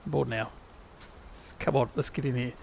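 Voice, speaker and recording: An Australian man talks casually through his gameplay in a mid-range voice, wry and self-mocking as he thinks out loud. Game ambience sits clearly behind him. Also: mid-range voice, steady tone, normal speed. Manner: chatty, wry, talks to himself while playing. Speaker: gaming YouTuber. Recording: clear background game noise.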